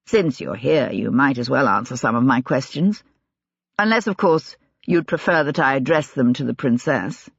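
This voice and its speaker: Heard as a reader playing a sharp-tongued aristocratic lord, this voice stays calm and clipped, giving orders without raising itself. The tone is slightly husky, and the recording is dry and somewhat dull. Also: mid-range voice, normal speed, no echo. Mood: cold, pressing.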